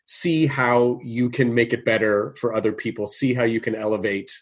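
A man hosting a podcast in a casual, earnest tone. He halts and restarts as he searches for words, and his voice carries some huskiness at a mid pitch. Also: fairly even intonation, husky. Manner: earnest, halting, restarts often. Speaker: podcast host. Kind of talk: casual conversation.

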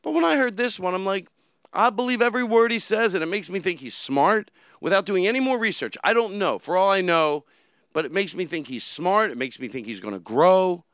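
A man's voice: high-pitched, lively intonation, a little fast, a bit bright, clean tone, dry recording, clean studio sound. A man hosting a solo show, talking through his thoughts in a rambling, casual monologue full of restarts. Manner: rambling, with many restarts and fillers.

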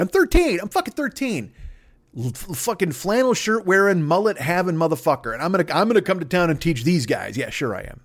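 A man's voice: high voice, big pitch swings, fairly quick. A man in his fifties from the Chicago area, hosting a solo comedy podcast and ranting in a rambling, profane, self-mocking way. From Chicago area, USA. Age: 50s. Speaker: podcast host.

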